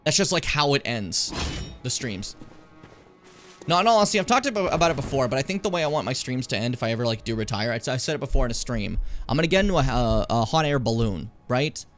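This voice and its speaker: A man's voice: medium pitch, lively intonation, quick pace, fairly bright tone, soft background music. Rambling, self-mocking young male streamer. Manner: rambling, self-mocking, frequent swearing and fillers. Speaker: streamer, host of his own channel. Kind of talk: casual gaming-stream chat.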